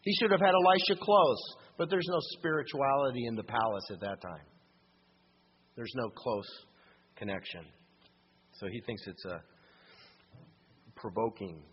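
A man preaching a sermon and reading scripture, dramatic, swinging between loud emphasis and hushed lines. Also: medium pitch, measured pace, pauses often. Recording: dull sound with long hall reverb and faint hum.

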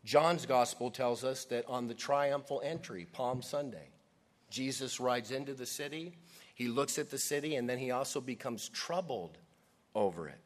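A man preaching a sermon, moving between loud emphatic lines and quiet, hushed passages. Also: mid-range voice, normal speed. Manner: dynamic, swings from loud emphasis to hushed near-whisper. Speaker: pastor.

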